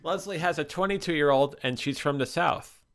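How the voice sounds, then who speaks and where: A man co-hosting a casual online group chat, animated and quick to laugh. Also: a little high. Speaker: co-host.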